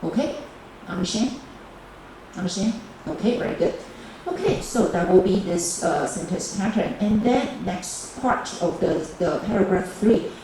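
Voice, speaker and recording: A woman teaching English grammar to a high school class, mixing languages and repeating each key phrase. Her voice bounces around a large, very echoey classroom, and clear room noise sits under it. She calls on one team after another. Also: lively intonation, a little slow, far from the mic. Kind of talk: bilingual classroom grammar lesson. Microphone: camera recording the class.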